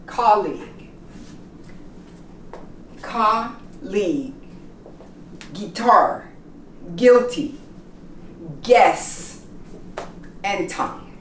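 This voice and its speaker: Woman teacher going really slow over english words, repeats stuff, echoey room, mic kinda far off. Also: medium pitch. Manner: deliberate, repeats words slowly for learners. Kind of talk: slow classroom lesson on pronunciation. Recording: roomy echo, distant from mic, faint room noise.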